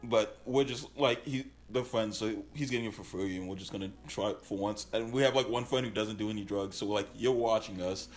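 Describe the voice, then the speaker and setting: Young man with a lowish voice, laid-back. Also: fairly quick, few pauses. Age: young adult. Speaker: podcast guest. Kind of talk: casual chat.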